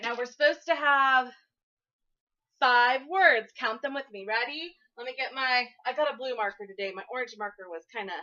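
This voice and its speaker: A woman teacher giving an early-grade classroom lesson to camera, sing-song and encouraging, speaking slowly for young children. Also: on the high side, bright, forceful tone, highs cut off.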